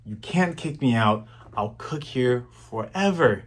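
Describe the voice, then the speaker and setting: A man's voice: medium pitch, lively intonation, slow, breathy edge, pitched below the performer's own voice. A man reading as a proud hot-headed young cook. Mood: stubborn. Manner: defiant, insistent.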